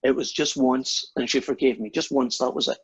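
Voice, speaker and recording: Joke figure: a man playing an apologetic Englishman in heaven, husky, dull call line. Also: medium pitch, steady tone, fairly quick. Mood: sheepish. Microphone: video call.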